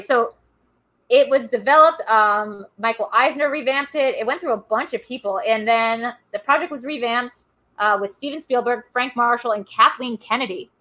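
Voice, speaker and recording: Bright, chatty woman podcast co-host. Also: a little high, rough recording. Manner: rambling, lots of fillers and restarts. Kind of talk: casual movie discussion.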